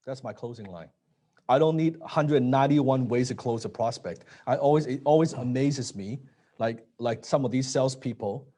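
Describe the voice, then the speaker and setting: A man teaching a live sales training, blunt and casual, swearing now and then and dropping low to stress points. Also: normal speed, dark tone. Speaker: sales coach.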